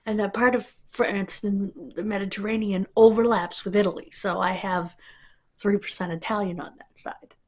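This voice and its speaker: A woman's voice: medium pitch, steady tone, normal speed. A woman vlogger talking to camera in a casual, rambling monologue that wanders between tangents.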